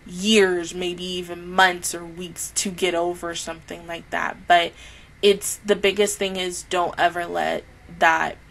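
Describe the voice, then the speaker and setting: Earnest, rambling woman with a lowish voice. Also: little pitch movement, a little slow, gravelly, a bit bright, poor audio. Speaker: anime reaction YouTuber. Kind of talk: casual spoken review to camera.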